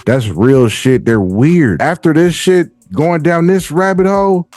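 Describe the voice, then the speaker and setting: A man hosting a podcast, talking casually in slangy, profane language and reacting with animated bursts. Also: fairly high pitch, a little slow, dry recording. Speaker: podcast host. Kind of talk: casual commentary.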